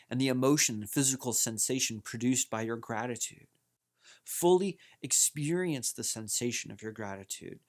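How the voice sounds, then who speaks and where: A man teaching meditation in calm, measured instructional narration, letting his phrases trail off softly. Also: mid-range voice.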